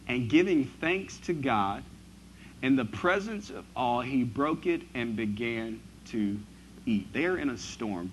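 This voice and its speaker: A man preaching a sermon, reading scripture and then riffing on it, his voice swinging from loud to hushed. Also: medium pitch, slight background noise. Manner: animated, swinging from loud to hushed, asks the congregation questions; reads scripture aloud then riffs on it. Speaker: pastor.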